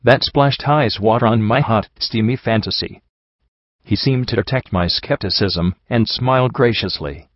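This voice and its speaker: A man reading a fan fiction story aloud in an even, wry storytelling manner. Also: lowish voice, moderate pace, dry recording, highs cut off. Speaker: audiobook reader. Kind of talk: fan fiction audiobook narration.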